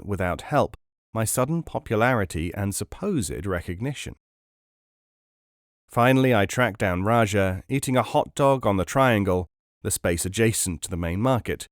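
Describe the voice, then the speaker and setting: A man reading a book aloud as a podcast narrator, in a measured, even storytelling manner. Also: fairly low pitch, dry recording, studio quality.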